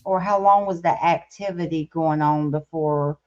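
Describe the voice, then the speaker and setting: A woman hosts a casual podcast conversation and asks long, leading questions in a chatty manner. Her voice sits a little low for a woman. The sound is dull and lo-fi. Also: steady tone, moderate pace. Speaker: podcast host. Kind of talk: casual interview.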